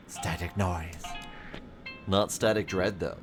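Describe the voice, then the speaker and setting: A man's voice: deep voice, very animated, unhurried, long pauses, over loud music. A gaming streamer, a man, making dry, wry asides while playing, his throat a bit strained. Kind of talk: game commentary.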